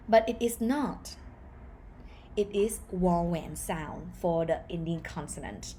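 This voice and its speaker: Thai accent lady teacher, explains slow and lively, repeats example words, faint noise in the background. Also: medium pitch. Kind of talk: online language lesson.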